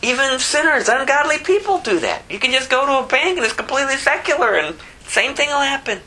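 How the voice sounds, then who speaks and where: A woman preaching a sermon with emphatic rhetorical questions and wide swings in pitch. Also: sing-song, brisk, sharp tone, poor audio.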